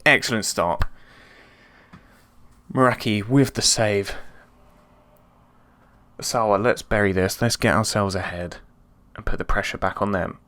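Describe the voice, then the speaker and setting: A man casually commenting on his own football management game, chatty and prone to sudden excited outbursts. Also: on the low side, a little slow, pauses often, no room sound. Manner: excitable, chatty, swings between calm and yelps. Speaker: let's play host.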